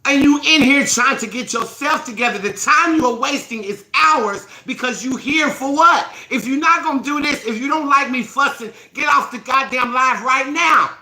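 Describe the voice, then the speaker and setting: Furious high-voiced woman ranting on live. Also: normal speed, few pauses, roomy sound, rough recording. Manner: profane, scolding, forceful. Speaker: host of a self-help live stream challenge. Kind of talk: angry live-stream rant.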